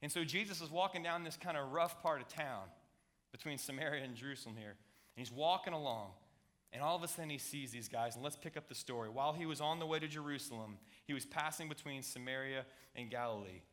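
A man preaching a sermon, conversational and emphatic, repeating words to drive points and building to loud passionate stretches. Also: medium pitch, fast. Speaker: pastor.

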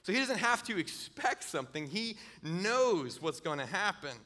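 A man's voice: high-pitched, very animated, normal speed, sharp tone. A middle-aged man preaching a sermon, earnest, often repeating words and chuckling as he goes.

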